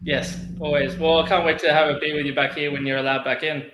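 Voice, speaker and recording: A man's voice: a little high, little pitch movement, quick pace, a bit bright, echoey room, a little hiss or hum. A man hosting a rum tasting over a video call, chatty and friendly, with many restarts. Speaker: host.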